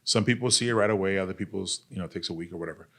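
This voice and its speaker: A man with a very low voice talks as a podcast guest. He tells his recovery story candidly and bluntly, swearing freely and leaning on "like" and "dude". His tone stays earnest as he shares his experience. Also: very fast, a bit bright. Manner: blunt and profane, heavy use of "like" and "dude"; earnest, speaks openly about pain and recovery. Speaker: podcast guest, army veteran.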